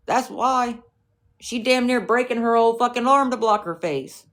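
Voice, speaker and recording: A woman's voice: fairly high pitch, unhurried, fairly bright tone. A woman livestreaming, ranting at a rival and her chat in a profane, confrontational way, with mocking, scornful asides.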